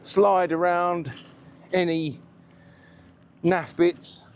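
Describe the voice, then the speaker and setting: A man chatting to camera while washing a car, relaxed and a little out of breath. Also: high voice, a little hiss or hum. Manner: chatty, slow and unhurried, self-deprecating. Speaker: car detailing vlogger.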